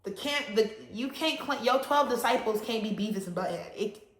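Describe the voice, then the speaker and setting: A woman vlogger talking straight to camera in a blunt, profane and animated rant, hitting words hard for emphasis. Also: a little high, moderate pace, roomy sound, a little hiss or hum. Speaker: astrology vlogger. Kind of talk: casual ranting monologue.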